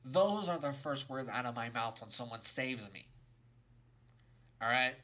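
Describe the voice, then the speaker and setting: A man's voice: mid-range voice, lively intonation, measured pace, sharp tone. Exasperated young man ranting a review. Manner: exasperated, emphatic and sarcastic. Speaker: game reviewer. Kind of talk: ranting video game review.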